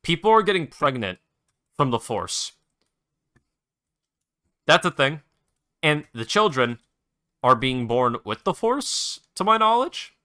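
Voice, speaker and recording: A man's voice: fairly high pitch, big pitch swings, takes it slowly, long pauses, bright, forceful tone, smooth, no echo, studio quality. A young man hosting his own show, ranting and rambling in a casual, exasperated way while playing a game, with lots of swearing. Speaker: host.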